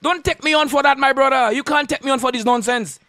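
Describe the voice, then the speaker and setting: A man with a Saint Lucian accent rants on the radio, his voice sitting unusually high for a man. He hurls insults and keeps repeating his warnings in a combative, confrontational way. The sound is dry, with no room echo. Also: quick pace, creaky, sharp tone. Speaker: radio host. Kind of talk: on-air rant.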